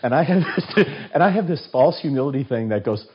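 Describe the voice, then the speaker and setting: Husky older man telling animated stories. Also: mid-range voice, fairly quick. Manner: animated storyteller who acts out quoted voices. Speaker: guest author. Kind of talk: casual interview storytelling. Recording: dull, muffled recording.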